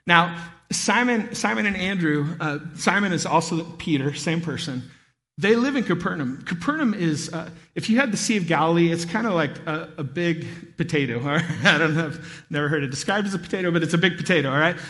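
A man giving a sermon as a pastor, telling stories in a lively way and acting out voices. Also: fairly high pitch, a little fast, in a large hall. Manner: animated storytelling, acts out voices. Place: church hall.

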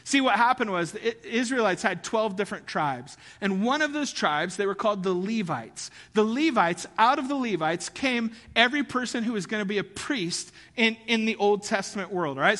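Animated, bright-voiced male preacher. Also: sits high, in a large hall. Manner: animated, conversational preaching with rising emphasis. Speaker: pastor. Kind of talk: sermon.

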